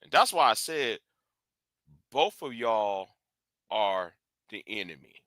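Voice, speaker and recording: Slow, blunt man ranting on a stream. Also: on the low side, very animated, pushed and bright, dry recording, clean studio sound. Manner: blunt, confrontational, with restarts and repeated words. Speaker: live stream host. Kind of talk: live stream commentary.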